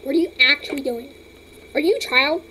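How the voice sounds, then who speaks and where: A woman's voice: high voice, fairly quick, pushed and bright, slight background noise, poor audio. A woman hosting a casual toy vlog, rambling dramatically and breaking into shrieks. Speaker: channel host.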